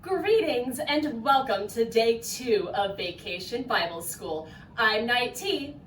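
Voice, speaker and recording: Animated lady leading a kids bible lesson, slow and clear, roomy echo. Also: a little high, distant mic, a little hiss or hum. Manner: animated, coaxing, addresses children. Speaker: children's program teacher. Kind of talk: scripted kids' lesson.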